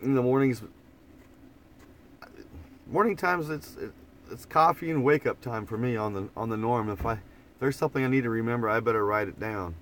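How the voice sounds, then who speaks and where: A man's voice: mid-range voice, fairly quick, long pauses, a bit bright, slight background noise. A man with an Oklahoma twang chatting casually on a morning live stream from inside an old camper van, rambling and easygoing, often restarting his words. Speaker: vlogger. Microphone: phone propped up in front of him.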